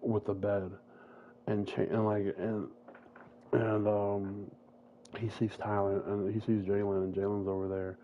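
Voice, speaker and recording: A man's voice: fairly low pitch, level tone, a little slow, narrow, tinny audio, a little hiss or hum. A man casually retelling a made-up story, rambling and swearing often, with many fillers and restarts.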